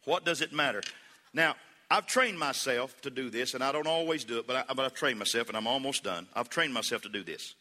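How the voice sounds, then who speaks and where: A man's voice: mid-range voice, brisk. Man preaching in a reverberant church. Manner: builds from conversational to shouting, preacher cadence. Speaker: pastor. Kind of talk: sermon. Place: church sanctuary. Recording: long hall reverb.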